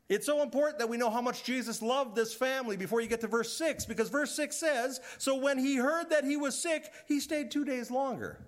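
A middle-aged male pastor preaching a sermon, swinging between loud emphatic rises and hushed, trailing low lines.

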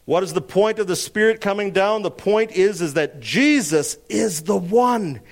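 A man preaching an expository sermon, emphatic, posing rhetorical questions and answering them, slowing down dramatically on key phrases. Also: high voice.

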